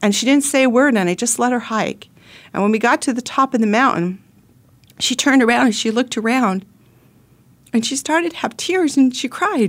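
A woman's voice: a little high, lively intonation, moderate pace. A middle-aged woman host telling a personal story in an earnest, heartfelt way, often restarting her sentences.

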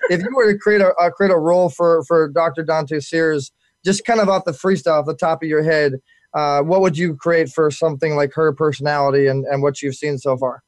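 A man hosting a casual talk show, excitable and quick, stumbling over repeated words as he starts sentences. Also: a little high, dry recording. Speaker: host.

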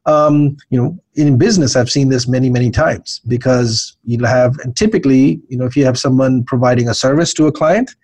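A man with a husky, slightly rough voice talks through an idea step by step. He keeps asking rhetorical questions and tossing in "okay?" to check that his listeners follow. The sound is dry and close. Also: mid-range voice, a little fast, few pauses, a little mellow, no echo. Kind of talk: explanatory talk.

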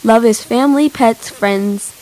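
A woman's voice: a little high, measured pace, darkish tone, low-quality recording. A teenage girl co-hosting a kids' radio show, reading aloud hesitantly with fillers. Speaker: young co-host. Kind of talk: casual chat.

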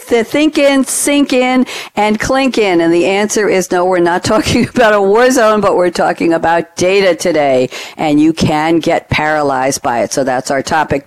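A woman's voice: fairly low pitch, darkish tone, dry recording. Chatty upbeat woman hosting a panel. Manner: chatty, upbeat, trivia-loving. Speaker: podcast host. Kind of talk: hosting a business panel show.

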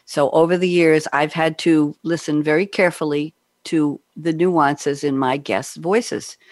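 A woman's voice: deep voice, steady tone, unhurried, darkish tone. A middle-aged woman from New York hosts a radio show over a video call. She talks in a chatty way and laughs at her own jokes. The sound is dry, with no room echo.

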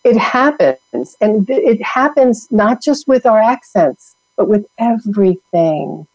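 A woman's voice: medium pitch, animated, slow, no room sound, rough recording. A woman from New York, a guest who founded a women's network, talking emphatically in a motivational coaching way. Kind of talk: motivational podcast talk.

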